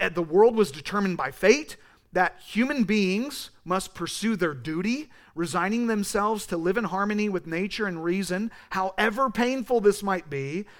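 A young man from California delivers a sermon with a high-pitched voice. He teaches in an animated, rambling way and turns aside often to talk with people in the congregation. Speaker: pastor.

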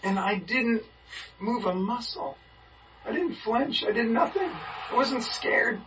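A man with a bright, forceful voice tells a story to a group, slipping into the voices of the people in it. He sounds far from the mic, and the recording is a little muffled, with faint hiss behind him. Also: very high voice, slow. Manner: lively, acts out the people in his story. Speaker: Bible study group member. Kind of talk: animated storytelling in a group discussion.

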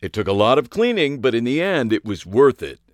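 A man's voice: medium pitch, sing-song, fairly quick, dry recording, clean studio sound, voice pushed up, natural voice. A man voicing a girlish, sly woman harpist who gushes and drawls her words. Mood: gushing.

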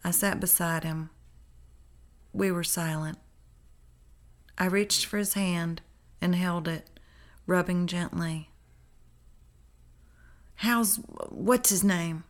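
A woman telling a personal memoir in a calm, unhurried storytelling voice. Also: on the low side. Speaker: narrator. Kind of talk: memoir read-aloud narration.

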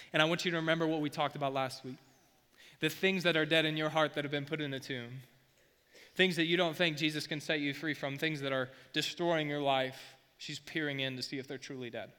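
A man preaching a sermon in a casual, slangy, energetic way, reading scripture and breaking off for asides. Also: fairly high pitch. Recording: long reverb of a hall.

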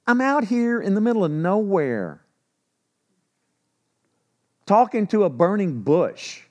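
Preacher acting out an anxious, incredulous Moses, voice climbing. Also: male voice, sits high, sing-song, slow pace, a little mellow, heavily acted. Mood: self-doubting. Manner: exasperated, incredulous. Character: Moses as an anxious, self-doubting man.

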